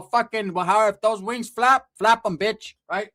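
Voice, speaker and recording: A man's voice: high voice, a little slow, hardly any pauses, pushed and bright. A man from the Merced area of California telling a rambling, profane comic story. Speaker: comedian storyteller.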